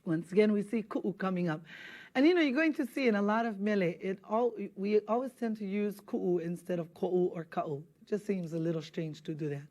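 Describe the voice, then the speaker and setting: A woman teaching a language lesson in a studio, patiently spelling out words and slowing down so viewers can repeat after her. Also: medium pitch, darkish tone. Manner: patient, drills words slowly for repetition.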